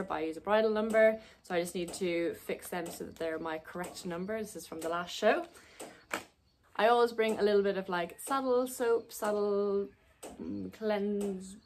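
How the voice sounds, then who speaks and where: A woman's voice: mid-range voice, a little hiss or hum. A young woman from Ireland with an Irish accent, giving a chatty, upbeat vlog walkthrough. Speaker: vlogger.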